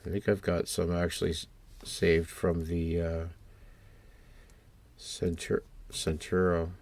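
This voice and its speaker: Slow, gravelly-voiced man muttering while he works. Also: low voice, monotone, a little mellow, slight background noise. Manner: chatty self-talk, muttered asides to his work. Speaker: scale model builder. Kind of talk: talking to himself while painting a model.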